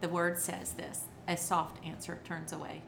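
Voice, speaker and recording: Her voice is on the low side and gravelly, moving at normal speed over background noise. She's a middle-aged woman, a children's author and entertainer, spinning lively conversational stories full of acted-out quotes and frequent laughter.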